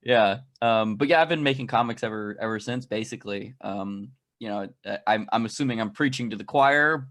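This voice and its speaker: A man, a guest on an interview show, talking casually in a dry, deadpan way that he says sounds sarcastic. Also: mid-range voice, moderate pace, few pauses. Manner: dry, self-described sarcastic-sounding delivery. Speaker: comic creator guest.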